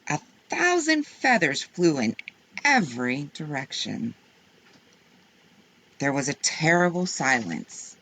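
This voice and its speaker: A woman reading children's picture books aloud in an expressive storytelling manner. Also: low-pitched, slow pace, pauses often.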